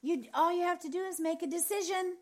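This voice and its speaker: Woman preacher, high voice, animated and emphatic, charismatic sermon style. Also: a little fast. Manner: animated storytelling, acts out other people's reactions; emphatic, repeats phrases for effect.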